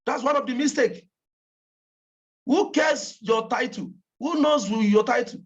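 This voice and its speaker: A woman's voice: a little high, a little slow. A woman with a Nigerian accent giving a motivational training talk to campaign callers, emphatic and repeating her points for stress. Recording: dull lo-fi recording.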